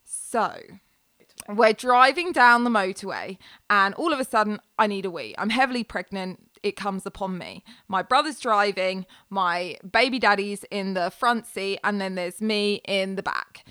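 A woman in her thirties from England telling a funny personal story in casual chat, animated and laughing as she acts out what people said. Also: mid-range voice, unhurried, clean tone, no room sound.

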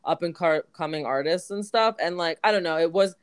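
New woman cohosting a podcast, smooth voice, says like a lot. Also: fairly low pitch, a little fast. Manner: chatty storyteller, many "like" fillers. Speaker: podcast co-host. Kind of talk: casual chat.

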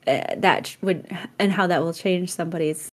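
A podcast co-host with a lower voice chats casually at a moderate pace. She is an animated storyteller who acts out the quotes she relays.

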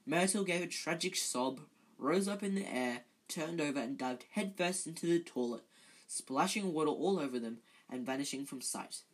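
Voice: medium pitch, lively intonation, normal speed, slightly rough, poor audio. A reader narrating a novel aloud in an amateur way, often stumbling and correcting themselves.

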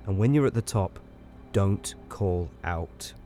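A man voicing a troubled, grave railway signalman who speaks low, hushed and halting, in an audiobook reading. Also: animated, soft background music, exaggerated voice. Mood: ominous. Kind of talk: audiobook character voice.

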